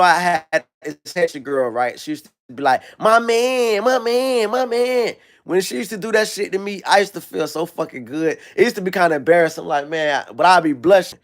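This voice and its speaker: A man hosting a livestream, ranting in a casual, profane and slangy way. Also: high voice. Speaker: livestream host. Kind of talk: casual rant.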